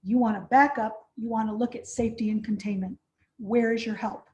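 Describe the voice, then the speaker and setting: A woman's voice: on the high side, fairly even intonation, brisk, a little mellow, a little hiss or hum. A woman presenting a training session, practical and direct, often checking in with "right?". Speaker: conference trainer.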